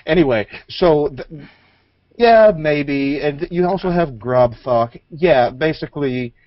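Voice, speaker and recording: A man's voice: fairly high pitch, lively intonation, dry recording. Teasing middle-aged man, dry lo-fi audio. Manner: teasing, quick to correct and joke. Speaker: podcast co-host. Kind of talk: casual gaming chat.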